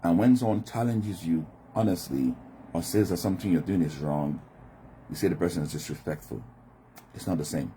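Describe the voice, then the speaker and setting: A man's voice: sits low, a little fast, mellow, a little hiss or hum. A man from Nigeria giving a reflective monologue about communication styles, often acting out quoted voices. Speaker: commentator.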